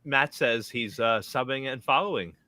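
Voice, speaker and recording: Bright-voiced male podcast host. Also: mid-range voice, moderate pace. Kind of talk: casual chat.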